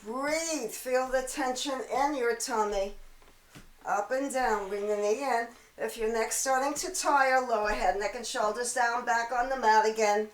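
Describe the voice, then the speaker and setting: A woman teaching a pilates mat class, counting reps and cueing breath with a slightly hoarse voice and chatty asides. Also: fairly high pitch, steady tone, unhurried, echoey room, poor audio. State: throat-clearing, hoarse from allergies. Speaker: pilates instructor. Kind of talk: guided workout instruction.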